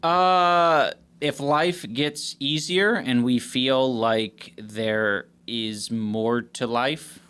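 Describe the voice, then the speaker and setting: A man's voice: medium pitch, steady tone, extremely slow, hardly any pauses, fairly bright tone, clean tone. Rambling man on a casual podcast. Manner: rambling, lots of "you know" and "like". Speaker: podcast co-host. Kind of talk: casual chat.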